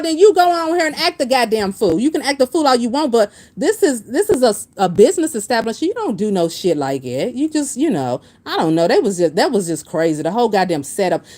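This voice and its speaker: A woman hosting a casual commentary stream, blunt and profane, reacting to viewers' comments as she talks. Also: lowish voice. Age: adult with a master's degree. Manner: blunt, profane, animated, reads chat comments aloud. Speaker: commentary channel host.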